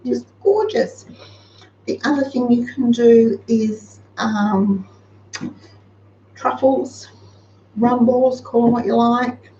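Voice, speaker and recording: A woman's voice: fairly high pitch, slow, long pauses, dark tone, recorded from a distance. Australian woman, host, casual practical chatter; echoey room, faint background hiss. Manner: chatty, practical, giving homely advice. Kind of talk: casual live-show chat. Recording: roomy, slightly dull sound with faint noise.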